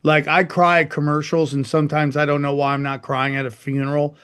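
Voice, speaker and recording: Male host, profane and rambling, fairly high voice. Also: level tone, fairly quick, fairly bright tone, clean tone. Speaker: podcast host. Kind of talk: casual chat.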